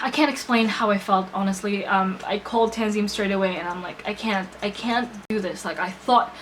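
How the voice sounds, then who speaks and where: A woman's voice: on the high side, fairly bright tone, slight background noise, rough recording. A young woman telling a personal story to her vlog audience, earnest and emotional, full of hesitations and restarts. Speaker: vlogger.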